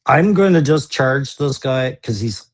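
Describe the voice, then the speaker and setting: A man co-hosting a toy show, arguing mock courtroom cases in an animated, laughing way with theatrical outbursts. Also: mid-range voice, measured pace. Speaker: co-host. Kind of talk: playful mock courtroom banter.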